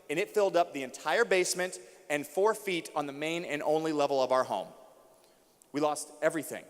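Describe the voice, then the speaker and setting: A young adult American man with a slightly high voice delivers an emotional, storytelling keynote to a room of teachers. He builds intensity through repeated refrains. His voice rings with the long reverb of a large auditorium. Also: brisk. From United States.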